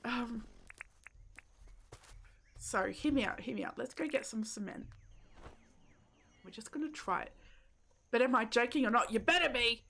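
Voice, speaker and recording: A woman's voice: a little high, unhurried, vocal fry, long pauses, a bit bright, a little hiss or hum. A woman, casually chatting with viewers while live-streaming a game, joking about herself and laughing often. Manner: self-deprecating, giggly, chats with viewers.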